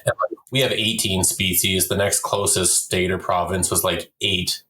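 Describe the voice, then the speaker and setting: Deep-voiced man, blunt and opinionated. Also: steady tone, normal speed, bright, forceful tone, a little hiss or hum. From Canada. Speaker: podcast guest, hunter and wildlife photographer. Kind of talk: casual conversation. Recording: roomy echo.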